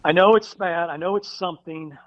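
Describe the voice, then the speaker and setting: A firefighter, a guest on a podcast, telling a personal story in a casual interview, halting with many fillers and restarts. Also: male voice, on the high side, a bit bright, no echo. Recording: dull dry recording.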